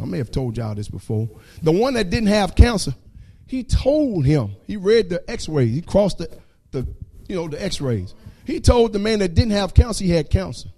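A man's voice: sits high, a little mellow. A man giving a fervent church testimony with a repetitive preaching cadence.

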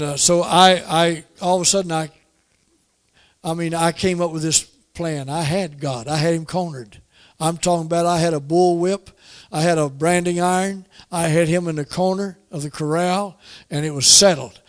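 A man preaching a sermon, telling a personal story in a folksy way and pressing his points with emphatic repetition. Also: a little high.

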